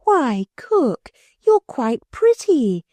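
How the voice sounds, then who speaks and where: A woman voicing an earnest, truthful older girl who speaks gently. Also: high voice, expressive, measured pace, no echo, voice pushed up.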